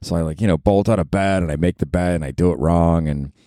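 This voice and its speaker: A man in his forties from Florida telling a story on his podcast, casual and profane, jumping into high exasperated outbursts. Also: fast talker, no room sound, studio quality. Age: 40s. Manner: animated, swearing, swooping up into high exasperated outbursts. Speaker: podcast host.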